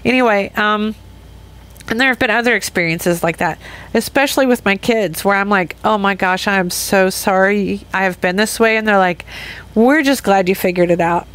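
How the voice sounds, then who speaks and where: Middle-aged woman, podcast host, reflective monologue, rambling, giggly, mid pitch. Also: moderate pace, a bit bright. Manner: rambling, self-interrupting, laughs often.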